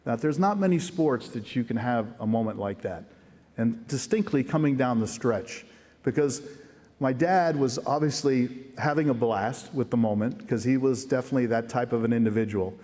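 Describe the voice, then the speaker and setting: A middle-aged man at a lectern in a large ceremony hall, his words trailing off into a long, ringing reverb. He talks in an earnest, folksy way, warmly spinning anecdotes for the crowd in a voice of ordinary middle pitch. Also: normal speed. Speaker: hall of fame inductee. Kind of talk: acceptance speech with storytelling.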